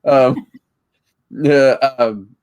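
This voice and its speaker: A man chatting casually on a live stream, voice at an ordinary middle pitch. He rambles, stumbles over repeated words as he gets going, and laughs readily. The sound is dry and close, with no room in it. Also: drawn-out words, darkish tone, smooth, no room sound. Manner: rambling, repeats words when starting sentences, laughs easily. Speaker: co-host of a live-streamed podcast.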